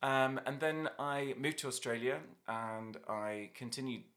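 An Irish-born hairdresser who owns a salon sits as a guest in a podcast studio, swapping stories in a casual interview with light laughter. His mid-range voice is a bit bright and unhurried.

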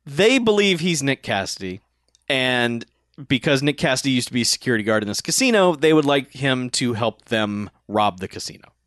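A podcast co-host casually recaps a movie plot, laughing and acting out quotes as he goes. His medium-pitched voice is sing-song and fairly bright at a moderate pace, recorded dry with studio quality.

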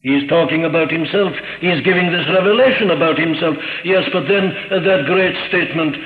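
A man's voice: fairly high pitch, brisk, noisy background. A man preaching a sermon from the pulpit, solemn and emphatic, repeating his phrases and building to fervor. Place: church pulpit. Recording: dull, echoey old church sermon recording.

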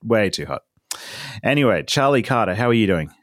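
An Australian man hosting a casual podcast chat, upbeat and quick to laugh. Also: lowish voice, big pitch swings, no room sound, clean studio sound. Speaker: podcast host.

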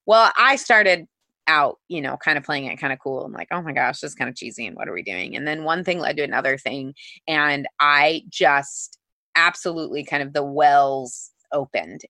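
A woman guest on an interview show, recounting a personal story with earnest emotion and plenty of "like"s. Her voice sits a bit low yet sounds bright and forceful. The recording is close and dry. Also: dry recording. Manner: earnest, emotional, heavy use of "like". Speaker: podcast guest, author.

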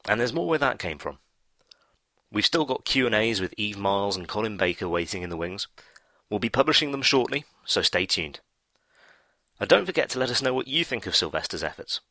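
A man, the podcast host, reads a brisk, upbeat scripted sign-off. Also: on the low side, sing-song, pushed and bright, no echo.

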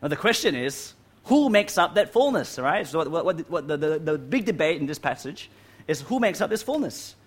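A man's voice: a little high, sing-song, moderate pace, breathy edge. Male preacher, church hall with aircon, explanatory sermon, leans on key words. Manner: stresses key words, asks "right?" often. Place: church hall with air conditioning.

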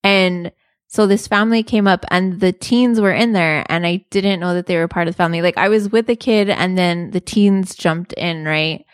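A woman's voice: on the low side, steady tone, moderate pace, smooth, no room sound, studio quality. A young woman telling a funny story in a casual, chatty way, with lots of "like" and laughter.

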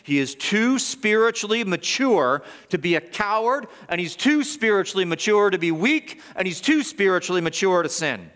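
A middle-aged male pastor preaching a sermon with a fairly high voice. He drives his points home with emphatic repetition, rising loud and then dropping to quiet asides. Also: animated, normal speed, hardly any pauses. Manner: swings between loud emphatic peaks and low quiet asides. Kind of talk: expository sermon.

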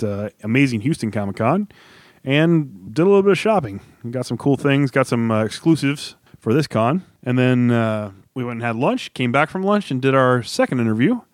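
A man's voice: mid-range voice, no echo, clean studio sound. A man hosting a podcast, recapping a convention in a friendly, easygoing way. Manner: friendly, easygoing, laughs often. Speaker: podcast host. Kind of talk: casual podcast recap and interview.

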